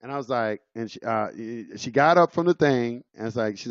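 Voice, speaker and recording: A man's voice: medium pitch, fairly quick, hardly any pauses, no echo, lo-fi sound. A man casually telling his own courtroom story, rambling with many fillers and restarts. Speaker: speaker sharing his own experience.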